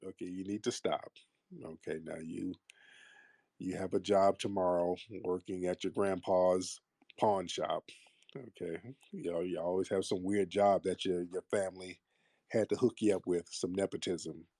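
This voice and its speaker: A man's voice: sits low, fairly even intonation, normal speed, dark tone, no echo, clean studio sound. A man hosting a call-in talk show, blunt and combative, mocking his callers. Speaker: host.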